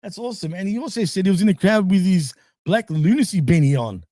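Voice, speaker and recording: Male podcast co-host with a high voice and a dry close sound, loose, rambling wrestling chat. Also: animated, fast, warm tone, no room sound. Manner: laughs often, loose and rambling. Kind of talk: casual wrestling recap chat.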